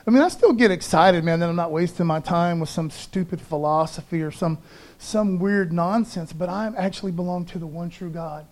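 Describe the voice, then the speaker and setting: A man's voice: sits high, darkish tone. A pastor preaching an Easter sermon, fervent and emphatic, calling out to his congregation and mixing in casual asides. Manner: conversational, peppers speech with "man".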